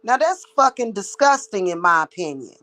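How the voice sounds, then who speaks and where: A woman speaking at a middle pitch in a heated, profane rant. She is blunt and worked up, talking straight to her viewers as a psychic reader. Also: big pitch swings, normal speed, a bit bright, rough recording. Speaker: psychic reader and spiritual practitioner. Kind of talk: ranting vlog monologue.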